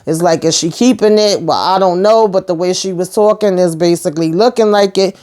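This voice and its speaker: A woman's voice: lowish voice, fairly quick, darkish tone. A woman casually recapping a TV episode, retelling scenes with quoted dialogue. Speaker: TV recap host.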